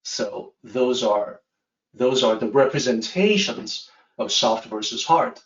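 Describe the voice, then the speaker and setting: Guy teaching philosophy off a slide, calm and explaining, a bit far from the mic, kinda dull sound. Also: medium pitch. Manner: measured, explanatory, stresses key words. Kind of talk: lecture explaining a text with a slide table. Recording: roomy, distant, slightly dull sound.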